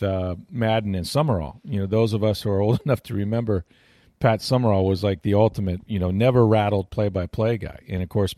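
A man chatting about football as a guest analyst, rambling and restarting his sentences with plenty of fillers. His voice sits on the low side, and the sound is close and dry with no room around it. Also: mellow, no room sound. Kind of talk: casual radio chat.

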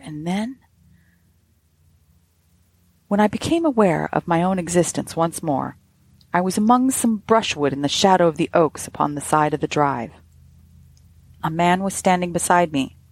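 A woman hosting a podcast, reading a ghost story aloud in a measured, softly breathy way. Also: medium pitch, dry recording.

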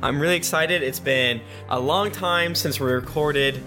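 A man co-hosting a gaming podcast, joking around in fast, casual banter. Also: fairly high pitch, music in the background. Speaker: podcast co-host.

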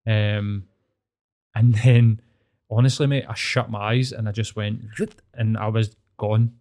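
A man's voice: on the low side, level tone, measured pace, mellow. Man, Glaswegian accent, casual storytelling, rambling, swears a lot, earnest. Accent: Scottish, Glaswegian.

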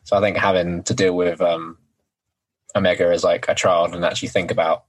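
Very deep, husky-voiced man chatting. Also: level tone, fairly quick, poor audio. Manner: hesitant, many ums and restarts. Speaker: podcast co-host. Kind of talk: casual recap chat.

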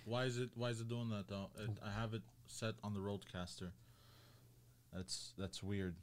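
A man's voice: on the low side, fairly even intonation, moderate pace, a little hiss or hum. A man co-hosting a casual podcast, giving short replies while fixing the audio setup. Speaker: podcast co-host. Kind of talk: casual comedy podcast chat.

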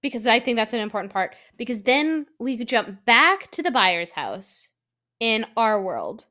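Woman podcast co-host, playful casual recap chat, high voice. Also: very animated, pushed and bright. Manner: playful, jokey, quick asides.

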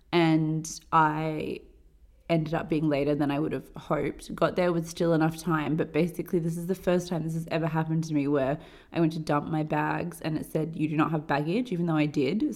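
A woman chats on a podcast, telling a story quickly and with plenty of fillers. Her voice sits a little low for a woman. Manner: fast, animated storytelling with frequent fillers. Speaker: podcast co-host. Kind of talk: casual chat.

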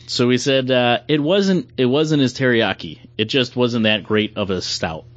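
A man's voice: medium pitch, moderate pace, dry recording. A man co-hosting a podcast, talking hesitantly with many ums. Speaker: podcast co-host. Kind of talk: casual chat. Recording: dry, dull lo-fi sound.

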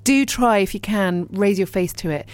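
A bubbly middle-aged woman hosts a chatty local radio show from a studio mic. Her voice is dry and close, with no room sound around it, and she talks in a lively, friendly flow. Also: mid-range voice, moderate pace, dry recording. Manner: bubbly, chatty, warm asides. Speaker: radio presenter. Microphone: studio microphone.

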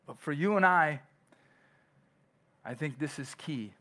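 A man's voice: on the high side, unhurried, sharp tone. A male pastor preaching a sermon in a conversational way, with frequent restarts and long scripture readings. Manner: reads scripture aloud.

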